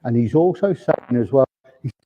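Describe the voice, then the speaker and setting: A man's voice: mid-range voice, animated, normal speed, a little hiss or hum. A man acting as a medium at a service, passing on spirit messages and often saying "he says". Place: large village hall. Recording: reverberant hall, dull lo-fi sound.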